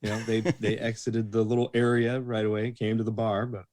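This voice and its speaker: A man's voice: lowish voice, a little fast. A man, a bouncer and bartender, telling casual anecdotes on a podcast and acting out the voices of the people in them. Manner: lively storyteller acting out quoted voices.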